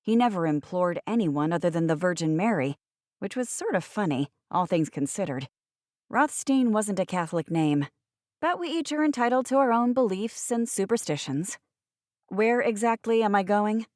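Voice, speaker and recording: A woman's voice: mid-range voice, very animated, moderate pace, darkish tone, no room sound. A woman narrating a first-person audiobook with wry, sardonic asides, recorded on a close studio mic.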